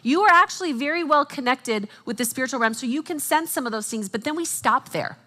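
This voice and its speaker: A woman speaking at a Christian conference, teaching with animated asides and jokes for the audience. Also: high voice, brisk. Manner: animated, quotes herself and others in acted voices.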